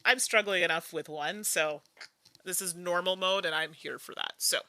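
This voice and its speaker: A woman's voice: lowish voice, normal speed, sharp tone, dry recording. A woman hosting a solo board game playthrough. She talks through each move in a chatty, musing way, humming and laughing between moves. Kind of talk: casual think-aloud playthrough.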